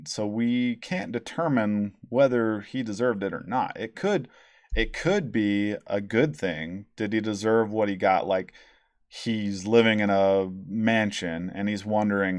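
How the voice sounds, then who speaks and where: A man's voice: lowish voice, measured pace, dry recording, studio quality. A man hosting a casual, profane album review, rambling and sarcastic, with many ums and restarts. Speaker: podcast host reviewing albums.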